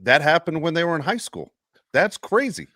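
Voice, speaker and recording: A man hosting a casual sports podcast, talking in an emphatic, animated way. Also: fairly high pitch, normal speed, no room sound, studio quality. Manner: animated, emphatic trash talk. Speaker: podcast host.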